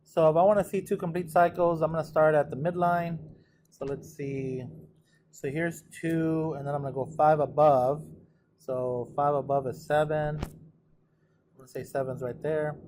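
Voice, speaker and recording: A man's voice: a little high, level tone, normal speed, a little mellow, slight background noise. A math teacher casually talking through exam problems for his students, thinking aloud as he works. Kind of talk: recorded exam walkthrough.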